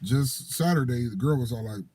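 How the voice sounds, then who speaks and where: A man's voice: medium pitch, expressive, normal speed, warm tone, slightly rough. A man co-hosting a casual call-in talk show, rambling through stories, laughing often and acting out what people said. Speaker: co-host, nightclub door worker. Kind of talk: casual storytelling chat.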